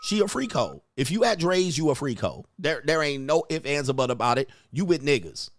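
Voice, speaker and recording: A man's voice: a little high, sing-song, a little fast. A man hosting commentary on video clips, blunt and crude, repeating himself and mimicking reactions. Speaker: host.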